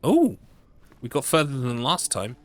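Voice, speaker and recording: Very animated yet measured in pace, a mid-range English male voice rambles casually while streaming a horror game. He reads his chat, teases himself, and talks to himself, in a dry recording with faint music behind.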